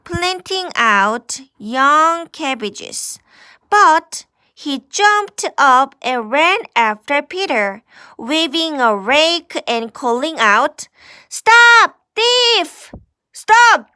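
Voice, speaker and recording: Korean-speaking teacher lady reading a kids' story real slow, high clear voice, lots of oh my goodness and look at this. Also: expressive, sharp tone, dry recording, studio quality. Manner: exclaiming, asking the listener questions. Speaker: children's English teacher. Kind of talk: reading a picture book aloud to children.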